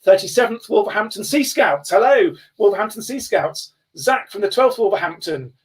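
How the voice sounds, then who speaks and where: Enthusiastic man, high voice, reading names in bursts, video call, far from the mic. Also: expressive, moderate pace. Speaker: guest speaker. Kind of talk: upbeat live-stream shout-outs. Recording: distant, thin video-call audio.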